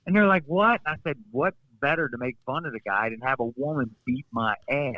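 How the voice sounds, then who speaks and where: A man's voice: mid-range voice, fairly quick, dry recording, dull audio. A man, a former wrestler, telling stories in a casual interview, acting out quotes and laughing often. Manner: animated storyteller, acts out quotes, laughs often.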